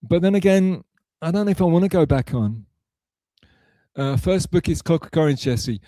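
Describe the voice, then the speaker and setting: A man's voice: a little high, lively intonation, moderate pace, warm tone, no room sound. A man hosting a live stream, chatting casually and rambling as he answers messages from his chat aloud. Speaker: livestream host reading chat.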